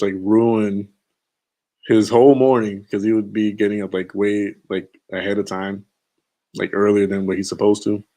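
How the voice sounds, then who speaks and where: A man's voice: on the low side, dark tone. A young man streaming late at night, chatting in a laid-back, slangy, rambling way and chuckling to himself. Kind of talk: casual late-night live stream chat.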